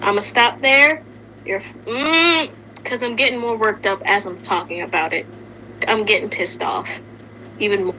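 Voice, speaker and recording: A woman's voice: mid-range voice, moderate pace, bright, forceful tone, slight background noise, low-quality recording. A young woman in heated casual commentary, angry and swearing often as she rants.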